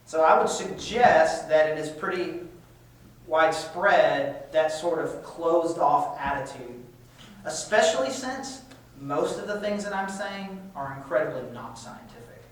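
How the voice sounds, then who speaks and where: A man's voice: on the high side, lively intonation, measured pace. A man giving a casual lecture to a class, talking conversationally with frequent restarts. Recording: echoey room, far-off mic, faint hiss.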